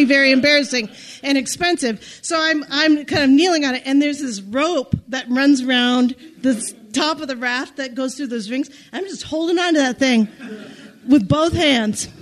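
A woman telling a personal story in an animated, self-deprecating way, often restarting her sentences. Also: high voice, moderate pace.

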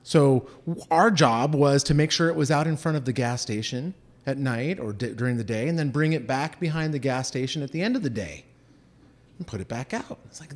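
A man's voice: mid-range voice, brisk. A man from Southern California telling a personal story, acting out the voices of the people in it. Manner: animated, acts out quoted voices.

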